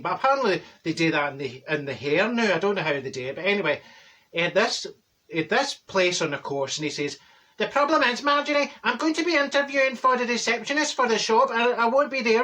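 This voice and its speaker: With a high-pitched, sharp tone, a man performs a comedy character: a loud, talkative middle-aged woman from Glasgow. She gossips bluntly through a funny story, describing herself as a people person.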